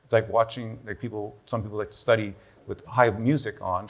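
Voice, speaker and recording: A man's voice: on the low side, steady tone, brisk. A man explaining a health topic on stage, lecturing and thinking aloud, often checking in with "okay?". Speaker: doctor presenting a health protocol. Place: busy room with a live audience.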